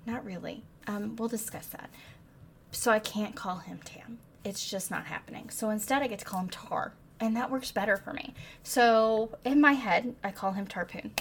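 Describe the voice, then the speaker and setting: A woman's voice: mid-range voice, moderate pace, a little hiss or hum. A woman co-hosting a casual book podcast, retelling the plot with swearing and dramatic flair. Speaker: podcast co-host. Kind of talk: casual book-club chat.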